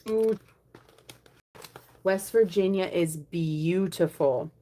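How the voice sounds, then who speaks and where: A young woman who vlogs about budgeting films a savings challenge, chatting casually and counting her money out loud. Her voice is fairly low and very slow, and she often sinks into a soft murmur.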